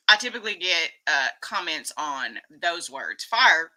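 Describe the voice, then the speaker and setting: A woman with a Texas Southern accent, chatting casually on a live stream, giggly and quick to laugh as she reads out viewer comments. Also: fairly low pitch, big pitch swings, sharp tone, low-quality recording. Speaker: vlogger reading live chat.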